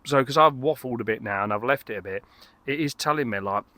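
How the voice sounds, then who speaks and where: A middle-aged Englishman chats about a beer in a rambling, eager way, stopping and restarting his thoughts. His voice is bright and forward. The sound is close and dry, recorded outside in a garden. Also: mid-range voice, fast talker, dry recording. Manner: rambling, enthusiastic, lots of fillers and restarts. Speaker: beer reviewer. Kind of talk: casual beer review vlog. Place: outdoors in a garden.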